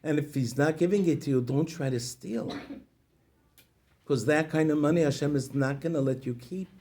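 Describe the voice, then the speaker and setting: A man, a rabbi, telling a story with moral lessons in an expressive way, speaking directly to listeners. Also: on the high side, moderate pace.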